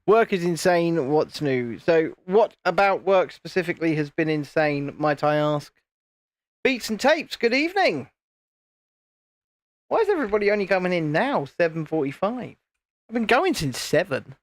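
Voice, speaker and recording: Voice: mid-range voice, big pitch swings, normal speed, dry recording, studio quality. A British host chatting casually on a livestream from home, reading chat messages aloud and laughing often, recorded on a phone. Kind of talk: casual live chat while building. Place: home, indoors, in the evening. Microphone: phone camera.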